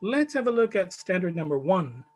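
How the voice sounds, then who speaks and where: A man with a Chilean Spanish accent presenting his study in a conference talk, measured and full of fillers. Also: sits high, big pitch swings, a little hiss or hum, poor audio. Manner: measured, many fillers, stresses key words.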